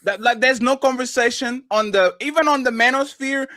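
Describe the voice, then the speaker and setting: A man's voice: extremely high pitch, normal speed, pushed and bright, no echo, clean studio sound. A man co-hosting a live stream debate, joking and provocative, often talking over the others.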